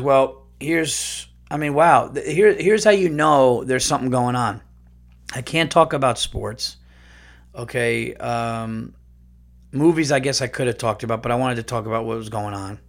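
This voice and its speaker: A man's voice: medium pitch, moderate pace, gravelly, fairly bright tone. A man hosting his podcast in a casual comedic monologue, ranting and swearing freely. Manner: profane, ranting. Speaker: podcast host.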